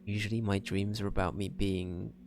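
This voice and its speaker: A man reading the lines of an anxious first-time adventurer softly, in his own low voice. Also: little pitch movement, moderate pace, vocal fry, noisy background. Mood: weary. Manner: quiet, subdued reading of game dialogue. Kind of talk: reading game dialogue aloud.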